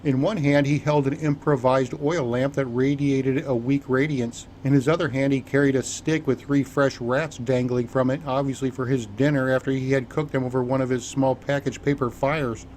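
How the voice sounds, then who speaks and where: A man narrating an audiobook in an even, measured reading style. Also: medium pitch, slight background noise. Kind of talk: scripted narration.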